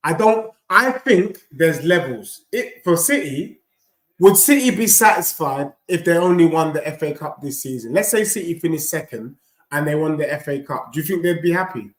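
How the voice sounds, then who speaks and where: Brief: high-pitched lad, live watchalong host, rowdy banter, roomy echo. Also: male voice, moderate pace. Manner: animated banter, shouting at goals, teasing chat. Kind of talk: live football watchalong reacting to chat.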